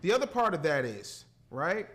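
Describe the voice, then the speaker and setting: A man's voice: fairly high pitch, big pitch swings, moderate pace, fairly bright tone. A man in his fifties, a podcast guest and entrepreneur, talking in a blunt, emphatic, profane way with a preaching cadence. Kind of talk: casual podcast conversation.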